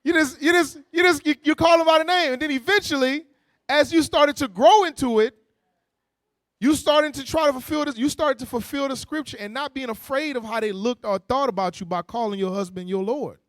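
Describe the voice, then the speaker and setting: Man, preacher, sermon, very high voice, conversational, slangy, animated. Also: fairly quick, no echo, clean studio sound. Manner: lively, conversational preaching with slang, frequent restarts and mock-voiced asides. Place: church meeting hall.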